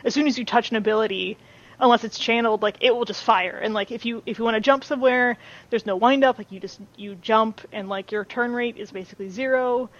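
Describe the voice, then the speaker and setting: Woman guest on a podcast, higher voice, rambles with lots of likes, kinda dull lo-fi sound. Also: fairly even intonation, fairly quick. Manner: chatty, many fillers and restarts. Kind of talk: casual chat.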